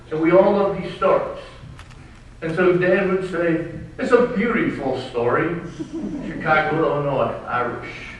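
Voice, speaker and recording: Echoey man telling family stories. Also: on the high side. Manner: wry, animated, drops into dry asides. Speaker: author at a book launch. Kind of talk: humorous storytelling to a live audience. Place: large event hall with audience. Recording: echoey hall, distant mic, faint noise.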